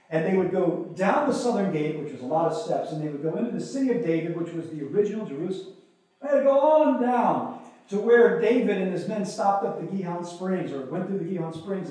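A man's voice: high-pitched, breathy edge. A man preaching a sermon as pastor, reading scripture aloud and building to emphatic, raised passages.

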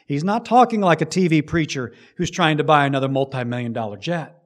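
A man preaching a sermon, emphatic, rising loud and dropping low to stress his points. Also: expressive, fairly quick. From United States. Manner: emphatic preaching with big swings in loudness. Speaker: pastor.

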